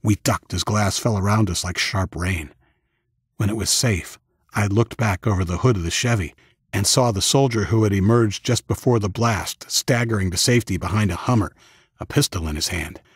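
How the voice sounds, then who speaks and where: A man with a deep, slightly husky voice reads a first-person audiobook in a steady, even way. The sound is dry and close, with no room around it. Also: moderate pace, no echo. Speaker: audiobook narrator.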